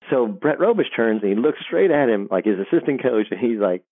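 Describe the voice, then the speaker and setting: A middle-aged man, a sports broadcaster, telling animated locker-room stories as an interview guest, often restarting his sentences. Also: mid-range voice, a little fast, hardly any pauses, no room sound. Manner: animated storyteller, frequent restarts. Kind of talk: storytelling interview. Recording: dry tinny phone line.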